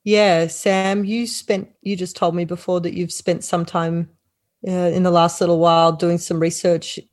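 A woman co-hosting a casual podcast, chatting in a relaxed, amused way. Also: lowish voice, unhurried. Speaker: podcast co-host.

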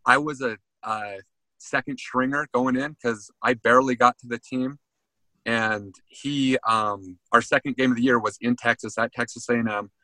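A man's voice: mid-range voice, normal speed, no echo, poor audio. A man, a former college football player, telling a story in a casual interview and often saying "man". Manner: animated storyteller, says "man" a lot.

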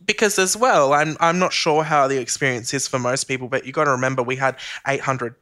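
A man in his thirties telling a personal story as an interview guest, chatty and animated, mimicking other people's voices. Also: mid-range voice, fairly quick.

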